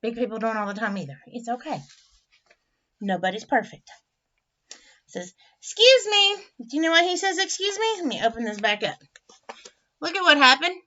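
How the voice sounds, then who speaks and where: A woman teacher reading a picture book aloud to children, animated and chatty, with friendly asides. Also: on the high side, fairly quick, pauses often. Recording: dull lo-fi recording.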